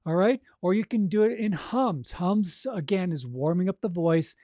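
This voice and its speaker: A man coaching authors on narrating their audiobooks, talking casually and demonstrating breathing and voice warm-ups. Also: high-pitched, expressive, moderate pace, dry recording, studio quality. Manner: encouraging, conversational, frequent "okay?" and "right?". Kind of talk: coaching monologue.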